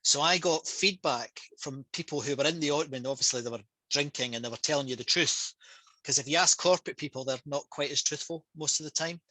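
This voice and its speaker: A man's voice: on the high side, fairly quick, no room sound, low-quality recording. A man with a Scottish accent, a public speaker and trainer, talking casually and with passion on a video call over a headset. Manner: passionate, energetic storytelling.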